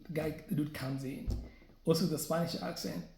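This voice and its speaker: A man's voice: fairly high pitch, fairly even intonation, fairly quick, darkish tone, slight background noise. A man vlogging, telling a personal story in a casual, chatty way and often checking in with "right?". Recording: echoey room.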